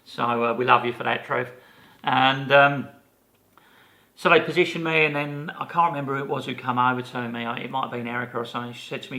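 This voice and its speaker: An older man, co-hosting a podcast and telling a long anecdote in a casual, animated way, full of fillers and restarts. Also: mid-range voice, fast. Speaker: podcast co-host. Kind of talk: casual storytelling chat.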